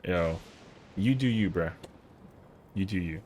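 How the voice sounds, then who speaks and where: A man's voice: low-pitched, takes it slowly, darkish tone, slight background noise. A man streaming a game live, chatting casually with viewers in a rambling, slangy way. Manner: rambling, slangy, answers chat.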